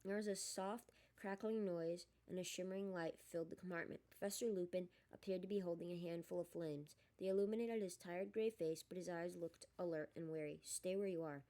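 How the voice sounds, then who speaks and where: A woman reading a novel aloud in a steady storytelling manner. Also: lowish voice, fairly quick, few pauses. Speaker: audiobook reader. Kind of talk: storybook narration.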